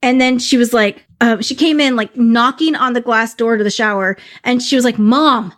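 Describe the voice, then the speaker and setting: A woman with a higher-pitched voice co-hosts a casual podcast. She tells stories with energy and acts out the lines of the people in them. She sounds like a woman in her thirties. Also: moderate pace. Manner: animated storyteller who acts out quoted lines. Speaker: podcast co-host. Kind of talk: casual chat.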